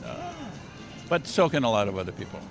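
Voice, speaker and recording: A man's voice: mid-range voice, fairly quick. A man chatting as an interview guest, telling jokey stories with lots of animation. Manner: animated, joking storyteller. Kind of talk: casual interview chat. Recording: music playing in the background.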